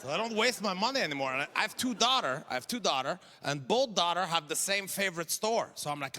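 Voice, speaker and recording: A man in his forties with a Quebec French accent, doing an exasperated, ranting stand-up set and shouting his punchlines. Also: high-pitched, animated, fast, hardly any pauses. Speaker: stand-up comedian. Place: comedy festival stage. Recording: noisy live stage recording.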